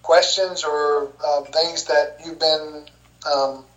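A man's voice: a little high, steady tone, takes it slowly, fairly bright tone, reverberant, muffled recording. A man leading a sales coaching group on a video call, hesitant and full of fillers. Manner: hesitant, many fillers and restarts. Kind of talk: casual group call, moderating.

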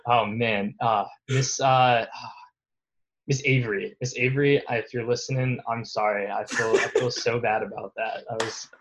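A man's voice: medium pitch, steady tone, moderate pace, fairly bright tone. A young man casually recalling his school days in an interview, rambling and self-deprecating, often laughing at himself. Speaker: guest.

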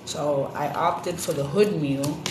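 A woman chatting casually on a podcast, telling lively stories with plenty of swearing and acted-out voices. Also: deep voice, takes it slowly. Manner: animated storyteller, profane, acts out other voices. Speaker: podcast co-host. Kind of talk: casual chat. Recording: roomy with background noise.

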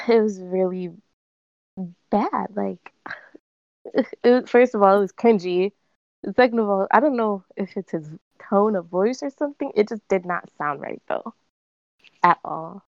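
Young woman, unhurried speech, dry muffled lo-fi recording, casual chat. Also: mid-range voice, vocal fry, darkish tone, no echo. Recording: dull lo-fi sound.

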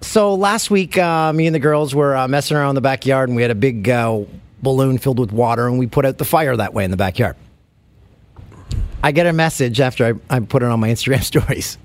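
A man's voice: medium pitch, fast talker. A man co-hosting a podcast, telling stories in a dry, wry way. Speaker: podcast co-host. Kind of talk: casual comedic chat.

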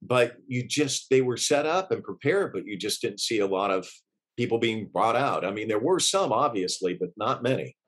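A middle-aged man, a journalist, recalling what he witnessed in an interview, earnest and halting, with many restarts and fillers. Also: lowish voice, expressive. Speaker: journalist eyewitness.

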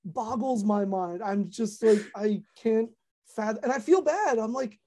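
Young woman rambling in casual podcast chat, warm mellow tone, lots of likes and you-knows. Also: a little high, a little slow. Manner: chatty, lots of fillers, animated storytelling. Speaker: content creator guest.

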